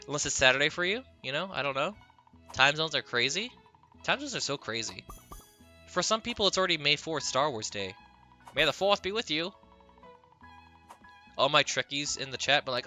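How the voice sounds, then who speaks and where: A man's voice: a little high, very animated, normal speed, long pauses, pushed and bright, faint music behind. A man streaming a video game, chatting playfully with his viewers and giggling at his own jokes. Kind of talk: casual live-stream chat while gaming.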